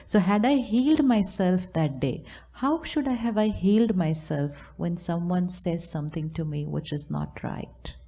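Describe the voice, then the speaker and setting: A woman's voice: lowish voice, unhurried, creaky, few pauses, warm tone. A woman giving a spiritual talk to a live audience at a retreat center, acting out hurt inner thoughts in quoted asides. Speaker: spiritual teacher.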